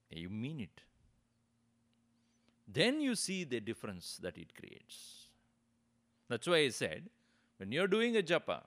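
A man's voice: mid-range voice, fairly bright tone. A man teaching a spiritual discourse, explaining with rhetorical questions and light chuckles. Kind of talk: religious discourse.

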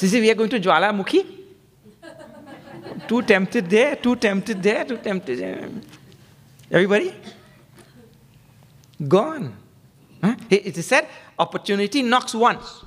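A man giving a humorous sermon as a spiritual teacher, telling stories and acting out quotes with emphatic stress. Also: a bit bright. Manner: humorous storytelling with acted quotes; emphatic, rising pitch for stress.

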